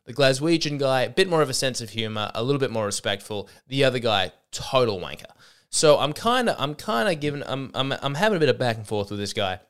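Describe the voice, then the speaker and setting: A young man, a comedian hosting a podcast, telling a stage story in a casual, animated and profane way, often acting out the people he quotes. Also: mid-range voice, fairly quick, smooth.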